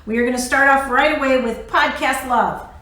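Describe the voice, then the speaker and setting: A woman's voice: sits high, moderate pace, sharp tone, poor audio. A woman hosting a crafting podcast, opening the episode and reading out a giveaway winner. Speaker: podcast host.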